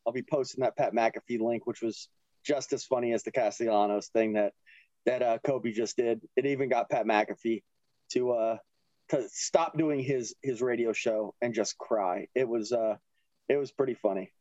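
A man's voice: mid-range voice, steady tone, normal speed, dark tone, no echo, lo-fi sound. A young man co-hosting a casual podcast, loose, profane and laughing easily. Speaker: podcast co-host.

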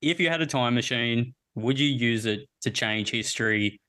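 A man's voice: mid-range voice, moderate pace, bright, forceful tone, clear, resonant tone. Laid-back male podcast host. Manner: laid-back, laughs along and asks questions. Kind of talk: casual conversation.

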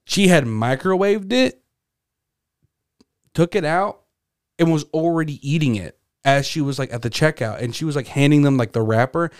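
A man's voice: fairly high pitch, normal speed, a little mellow, clear, resonant tone, no room sound, studio quality. A young man co-hosting a podcast, telling casual stories with lots of fillers and swearing. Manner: loose, profane storytelling with many fillers. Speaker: podcast co-host. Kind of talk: casual chat.

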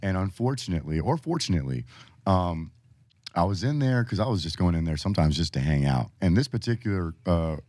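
A man with a low, deep voice tells his story as a podcast guest, easygoing and chatty. He slips into animated impressions of the people he quotes. The sound is dry and close. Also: brisk, no echo. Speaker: podcast guest, Marine Corps veteran. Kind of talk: casual storytelling.

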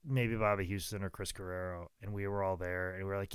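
A man in his thirties tells wrestling road stories in a loose, rambling way, cursing freely. His voice sits a little low and sounds smooth. The sound is dry and close. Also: quick pace, dry recording. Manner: rambling, profane, animated. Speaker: pro wrestler telling stories. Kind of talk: casual storytelling.

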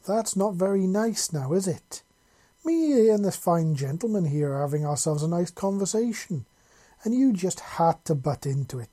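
A man voicing a menacing male wanderer who puts on an accent and talks in a slow, mock-polite drawl. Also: a little high, mellow.

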